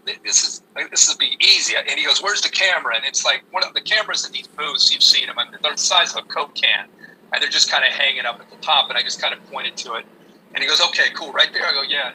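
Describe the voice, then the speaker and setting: Bright-voiced man telling an animated story. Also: on the high side, low-quality recording. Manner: animated storyteller with many restarts. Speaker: sports broadcaster telling a story. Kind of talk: interview anecdote. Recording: radio call with faint noise.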